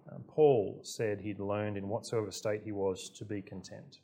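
A man's voice: on the low side, fairly even intonation, normal speed, few pauses, dark tone. A man preaching a sermon to his congregation, chatty and self-deprecating, often stepping into the voices of the people in his stories. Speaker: pastor.

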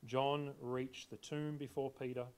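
A male preacher delivers a sermon in a relaxed, conversational manner. His voice sits at an ordinary middle pitch, and he keeps drawing the congregation in with direct questions. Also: measured pace.

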